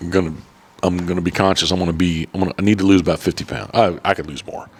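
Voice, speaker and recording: Deep-voiced, rambling man hosting. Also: fairly even intonation, quick pace, husky. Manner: rambling and profane, with many restarts. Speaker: podcast host and duck hunting guide. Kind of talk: casual chat.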